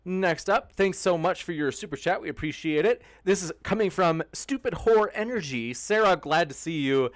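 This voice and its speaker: A man moderating a live online debate and reading out viewer questions. His voice is slightly high and recorded dry, with no room sound. He speaks in a polite, hesitant way and uses plenty of filler words. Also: expressive, normal speed, hardly any pauses, dry recording.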